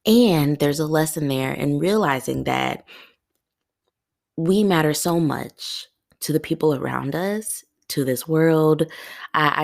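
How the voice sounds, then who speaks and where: A woman's voice: deep voice, darkish tone. A woman hosting a heartfelt solo podcast, talking earnestly to her listeners, choked up at times. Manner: earnest, tearful and laughing through emotion. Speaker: podcast host.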